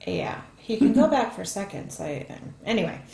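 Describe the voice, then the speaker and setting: A woman's voice: medium pitch, sing-song, moderate pace, gravelly, dark tone, roomy sound. A woman hosting a home cooking video, chatting casually as she explains each step. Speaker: cooking channel host. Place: home kitchen.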